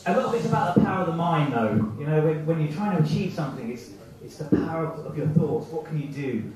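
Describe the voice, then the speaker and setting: A man's voice: a little high, animated, fast talker, a little mellow, far from the mic. A man doing a rambling, self-mocking stand-up set at an open mic night, acting out the voices in his head. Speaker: stand-up comedian. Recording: echoey, muffled amateur club recording from afar.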